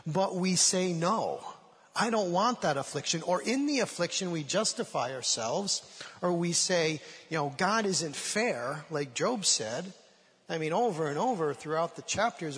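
A man's voice: fairly high pitch, animated, unhurried, fairly bright tone, husky, in a large hall. A man giving sermon-style Bible teaching, acting out quoted voices with rising emotion.

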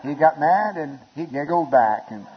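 A man preaching a sermon in a church, telling wedding stories with chuckles and building to shouted appeals. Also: a little high, animated, normal speed, slight background noise. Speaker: pastor. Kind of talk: storytelling sermon. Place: church sanctuary. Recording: lo-fi recording with long hall reverb.

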